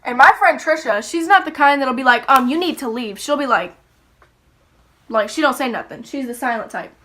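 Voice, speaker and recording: A woman's voice: sits high, animated, normal speed, bright, forceful tone. A young woman telling a story casually, swearing freely and acting out the voices. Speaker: YouTuber.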